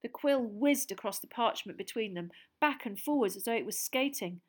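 A woman narrating a storybook in steady audiobook style. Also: fairly high pitch, normal speed.

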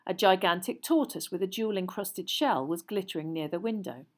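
A woman narrating a children's fantasy story aloud in a measured, even way. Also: lowish voice.

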